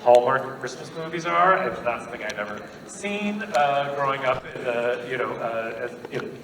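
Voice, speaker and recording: A man's voice: mid-range voice, animated, moderate pace. A man answering fan questions at a convention panel, playful and self-deprecating, laughing often. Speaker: convention panel guest actor. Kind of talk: live convention Q&A, animated storytelling. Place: large convention hall. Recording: echoey hall recorded from far off, noisy.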